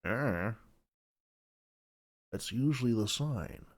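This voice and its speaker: A man's voice: mid-range voice, very animated, normal speed, pauses often. Male podcast host, casual, rambling, dry and self-deprecating.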